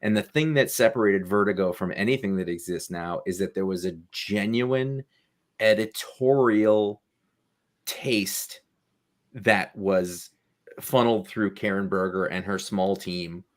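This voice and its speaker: A middle-aged podcast co-host with a lowish voice, thinking out loud as he chats. He wanders off into side thoughts and circles back, unhurried and reflective. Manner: thoughtful, digressive. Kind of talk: casual chat.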